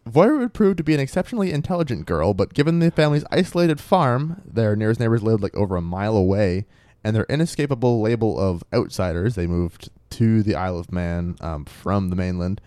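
A man's voice: fairly low pitch, animated, brisk, warm tone, no room sound. A man co-hosting a podcast, telling a spooky true story in a casual, chatty way with frequent ums and laughs.

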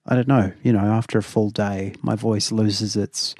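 A man co-hosting a podcast, his voice sitting a bit low with a slight rasp from a long day. He rambles and laughs easily. The sound is dry and close to the mic. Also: steady tone, normal speed, darkish tone, no room sound. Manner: chatty, rambling, laughs often. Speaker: podcast co-host. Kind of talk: casual chat.

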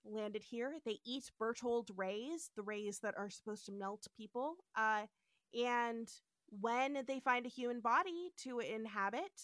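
A woman hosting a podcast, recapping an episode in a casual, animated storytelling style. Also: fairly high pitch, no room sound, studio quality. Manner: animated storytelling with frequent voices and laughter. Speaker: podcast host.

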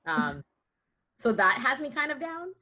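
A woman co-hosting a podcast in casual chat, animated and jokey with mock-dramatic complaints. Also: high voice, a little slow. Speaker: podcast co-host.

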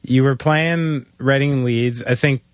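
A man's voice: medium pitch, fairly even intonation, unhurried, dry recording. Laid-back man interviewing, chatty. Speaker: interviewer host. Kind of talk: casual interview chat.

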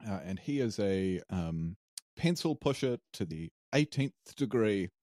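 A man's voice: fairly low pitch, animated, unhurried, dark tone, no room sound, studio quality. A man co-hosting a podcast, chatting casually and rambling with fillers. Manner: rambling, hesitant, with many fillers and laughs. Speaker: podcast co-host and player. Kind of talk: casual chat recapping a tabletop game.

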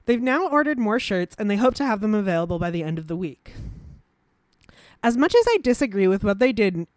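A woman's voice: medium pitch, no echo, studio quality. A woman co-hosting a casual chat, reading news aloud with many fillers and restarts. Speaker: podcast co-host.

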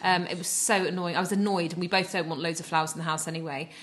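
Low-voiced woman, rambling and giggly. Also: fairly even intonation, racing, a bit bright, a little hiss or hum. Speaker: podcast co-host. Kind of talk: casual chat.

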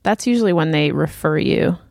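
A woman with a lowish, gravelly voice co-hosts a relaxed podcast. She chimes in with easygoing agreement and practical advice, and she is recorded close and dry. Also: brisk, no echo. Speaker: podcast co-host. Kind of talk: casual podcast banter.

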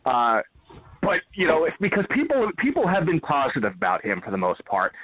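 A man calling in to a show, chatting casually and joking, with halting restarts. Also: a little high, huge pitch swings, husky. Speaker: caller. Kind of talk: casual call-in chat. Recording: tinny phone line.

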